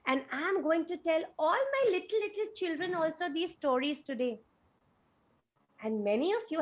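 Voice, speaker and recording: A woman telling a story to toddlers over a video call, animated and sing-song. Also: very high voice, normal speed. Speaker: children's storyteller.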